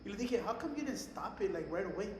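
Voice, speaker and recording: Fast-talking and high-voiced, a young podcast co-host spins animated, profanity-laced stories in a blend of English and Spanish slang. The casual chat is recorded in an echoey, long-reverb room with a little hiss or hum.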